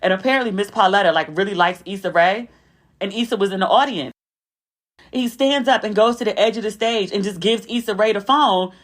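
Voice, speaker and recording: A woman hosting a podcast, telling stories in a chatty, animated way with asides to her listeners. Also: medium pitch, brisk. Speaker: podcast host. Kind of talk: casual storytelling recap.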